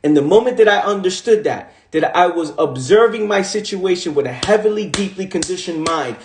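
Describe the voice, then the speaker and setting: A man's voice: high voice, expressive, a little fast. Emphatic Bronx man, echoey room. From the Bronx, New York. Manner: emphatic, repetitive, streetwise slang. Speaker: motivational coach. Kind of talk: livestream monologue. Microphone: phone livestream.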